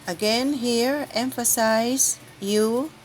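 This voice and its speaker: A woman guiding church lectors through the Sunday readings, speaking in a slow, deliberate, carefully enunciated way. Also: fairly high pitch, steady tone, a little hiss or hum, low-quality recording. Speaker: lector trainer. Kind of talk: instructional reading guide.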